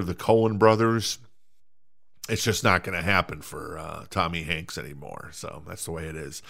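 Middle-aged male podcast host, lowish voice, casual and rambling, self-mocking. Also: fairly bright tone. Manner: rambling, self-mocking, many fillers and restarts. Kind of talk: casual solo podcast chat.

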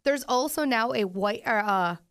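A woman's voice: a little high, normal speed, fairly bright tone, smooth, no room sound, studio quality. A young woman co-hosting a podcast, telling weekend stories in casual chat with lots of "like" and "um". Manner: chatty storyteller, lots of "like" and "um"; talks with her mouth full at times. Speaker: podcast co-host.

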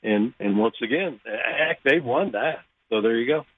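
A man's voice: mid-range voice, lively intonation, a little slow, no echo. A man calling in as a guest, a former racing driver, talking in a folksy, rambling way and often backing up to rephrase. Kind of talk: casual chat. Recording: tinny phone line.

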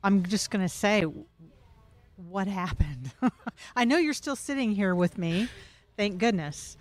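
A woman hosts a faith podcast interview at a middling pitch. She keeps her guest talking with short, encouraging questions. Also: expressive, slow. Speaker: podcast host.

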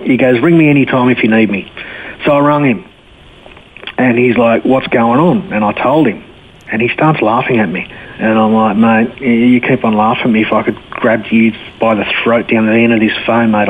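A man, giving a blunt, earthy personal testimony in casual conversation. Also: fairly low pitch. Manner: blunt, earthy storytelling with slang. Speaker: interview guest. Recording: phone line with faint noise.

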